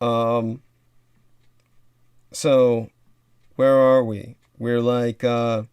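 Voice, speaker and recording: A man's voice: mid-range voice, completely flat delivery, slow pace, gravelly, pauses often, darkish tone, clear, resonant tone, dry recording. A man hosting a casual livestream chat, rambling with lots of fillers and asides. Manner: rambling with many fillers and laughs. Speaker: livestream host.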